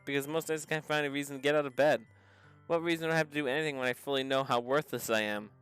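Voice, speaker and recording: A man reading the lines of a gloomy teenage girl who admits her sadness, in a soft, subdued voice pitched below his own. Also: fairly even intonation, rapid-fire, clean tone, faint music behind, close to an everyday voice. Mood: despairing. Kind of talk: reading visual novel dialogue aloud.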